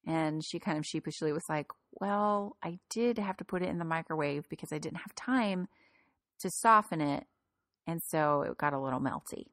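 A chatty, excitable woman hosts her podcast, a little breathless with enthusiasm. Her voice sits a bit low and sounds close and dry, with no room around it. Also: no room sound. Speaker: podcast host. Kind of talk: upbeat solo podcast teaching.

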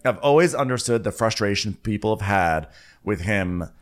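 A man's voice: lowish voice, lively intonation. A man casually giving his opinions on a show, chatty and opinionated. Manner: chatty, opinionated, drawn-out asides. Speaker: podcast co-host. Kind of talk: casual comedic chat.

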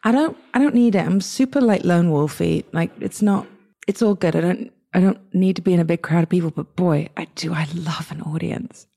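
Low warm-voiced English woman. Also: fairly quick, vocal fry. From England. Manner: lively, chatty, many restarts and quoted asides. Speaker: guest. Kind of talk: casual interview storytelling.

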